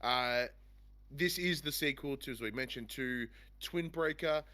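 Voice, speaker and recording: A man hosts a casual podcast chat about games. His voice sits in a middle pitch, and he talks at length with plenty of enthusiasm. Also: measured pace, pushed and bright. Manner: rambling, enthusiastic. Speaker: podcast host.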